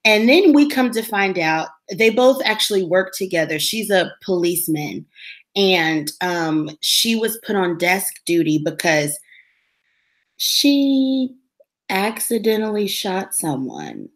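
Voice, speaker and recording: A woman co-hosting a casual talk show, retelling a TV episode in an animated way and acting out the characters' lines. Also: mid-range voice, slow. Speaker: co-host recapping a TV episode. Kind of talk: casual chat.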